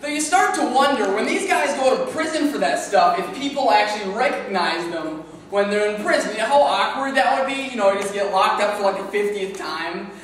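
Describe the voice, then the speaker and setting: A man's voice: high voice, lively intonation, brisk, few pauses, fairly bright tone. A man doing stand-up comedy at an open mic, with a rambling delivery full of fillers, talking through his own laughs. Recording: echoey room from far off.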